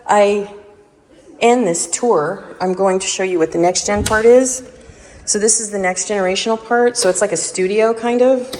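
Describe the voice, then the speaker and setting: A woman casually narrating a house walk-through indoors, thinking aloud and hedging her guesses as she goes. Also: mid-range voice. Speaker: vlogger giving a house tour.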